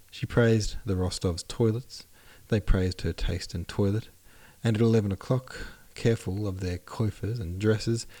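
A man's voice: low-pitched, warm tone. A man narrating a classic novel aloud on his podcast, plainly and evenly, stopping to correct his own slips. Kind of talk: audiobook narration.

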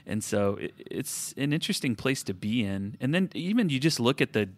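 A man's voice: medium pitch, big pitch swings, moderate pace, dry recording. A man in his thirties co-hosting a casual talk about faith, reflective and often restarting his sentences. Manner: reflective, self-correcting, with frequent restarts. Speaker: podcast co-host.

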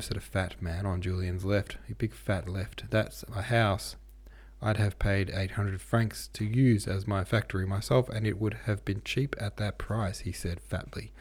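Male reader, lowish voice, reads a novel aloud and trips over words, correcting himself. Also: steady tone, moderate pace, a little mellow. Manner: reads with stumbles and self-corrections. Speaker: audiobook reader. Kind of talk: unpolished audiobook reading.

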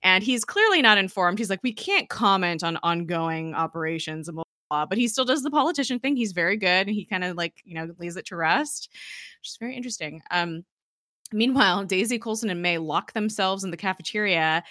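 A woman hosting a casual recap chat, talking fast, laughing often and quoting lines as she goes. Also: mid-range voice, sharp tone, no room sound, clean studio sound. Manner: chatty, laughs often, acts out lines in quick quotes. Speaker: podcast host recapping an episode.

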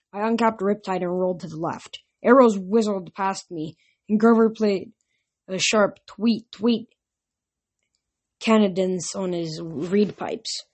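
A woman narrating a novel aloud in a steady storytelling manner. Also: medium pitch, takes it slowly, breathy edge. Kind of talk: audiobook narration.

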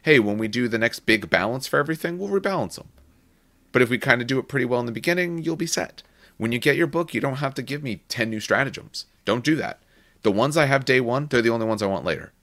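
A man's voice: mid-range voice, animated, fast, fairly bright tone, no echo. A man hosting a podcast in casual gaming chat, opinionated and rambling with restarts. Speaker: podcast host.

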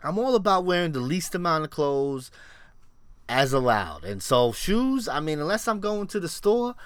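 A man from Puerto Rico co-hosts a casual podcast, telling stories in an animated, profane, joking way. His voice sits a little high and bounces widely in pitch. The sound is dry and close, with no room in it. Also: normal speed, clear, resonant tone, dry recording. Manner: animated storytelling, loose and profane. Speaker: podcast co-host. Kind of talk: casual chat.

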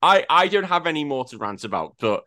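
A man's voice: a little high, a little fast, no echo, studio quality. A man hosting a casual gaming chat, ranting and swearing freely about an old game. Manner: swears freely, ranty and animated. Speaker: podcast host.

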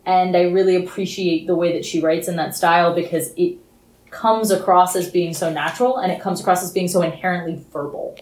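A woman's voice: lowish voice, fairly even intonation, a little fast, darkish tone. A woman co-hosting a book podcast, talking earnestly and with emphasis in casual chat. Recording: roomy echo.

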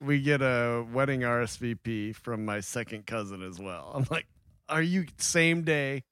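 A man co-hosting a casual podcast chat, joking and chiming in with quick remarks. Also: mid-range voice, fairly bright tone, smooth, no echo, studio quality.

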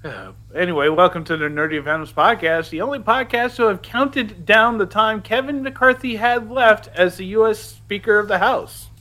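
A man's voice: high-pitched, moderate pace, hardly any pauses, bright, forceful tone. A man hosting a podcast, with joking, exasperated banter. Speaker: podcast host. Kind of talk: casual chat.

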